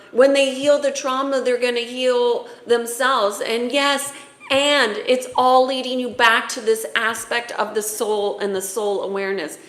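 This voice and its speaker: A woman's voice: a little high, a bit bright, reverberant. A woman spiritual coach giving a heartfelt, emotional talk about the soul, tearful at times.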